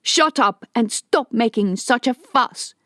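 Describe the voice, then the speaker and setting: A woman's voice: medium pitch, animated, a little slow, no echo, clean studio sound, natural voice. A woman voicing a tough man in an audiobook who snaps curt, threatening orders. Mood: harsh commanding. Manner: harsh, snapping, commanding. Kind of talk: audiobook character voice.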